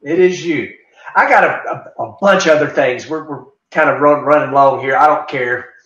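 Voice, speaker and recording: A man's voice: on the high side, normal speed, a bit bright. A man hosting a casual chat show, asking questions in an easygoing, rambling way. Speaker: show host, racer. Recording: dull echoey room sound.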